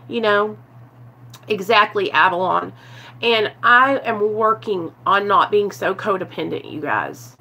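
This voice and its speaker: Speaking to viewers in a casual live stream, this woman vlogger shares earnest, confessional thoughts on recovery, frequently saying "you guys" and fielding chat comments as they come in. She has a fairly high, bright voice with a forceful tone. There is slight background noise.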